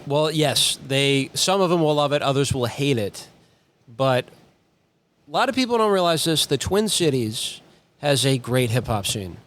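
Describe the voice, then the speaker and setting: A man's voice: mid-range voice, expressive, normal speed, fairly bright tone. Rambling man in a casual podcast chat.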